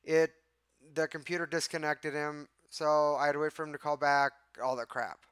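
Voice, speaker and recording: A man's voice: a little high, fairly even intonation, moderate pace, fairly bright tone, smooth, dry recording, studio quality. A man hosting a live stream, exasperated and swearing as he answers his chat. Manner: exasperated, profane, talks to chat. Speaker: livestream host. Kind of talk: casual live-stream talk.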